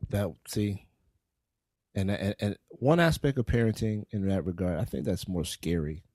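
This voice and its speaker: A man's voice: lowish voice, normal speed, warm tone, no room sound, clean studio sound. A young adult man co-hosting a casual podcast chat, laid-back and joking about parenting. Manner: laid-back, joking, laughs while telling stories. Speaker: podcast co-host.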